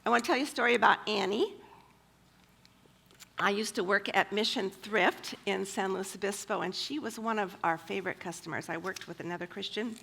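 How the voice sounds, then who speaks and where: Woman speaker sharing stories at a church gathering, chatty and fill-word heavy, mid-pitched with vocal fry. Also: brisk, pushed and bright. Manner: chatty, with frequent fillers. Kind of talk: personal storytelling talk.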